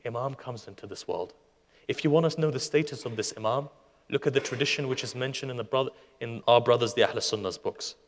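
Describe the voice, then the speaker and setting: A man preaching a sermon, retelling stories with passion, his voice surging loud and then dropping soft. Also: mid-range voice, a little fast, slight background noise. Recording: long hall reverb.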